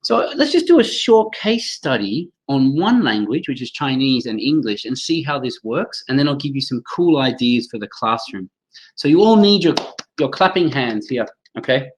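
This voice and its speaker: A man's voice: mid-range voice, low-quality recording. A man leading a live online training for teachers over a computer mic, chatty, reacting to viewers' comments and often restarting his sentences.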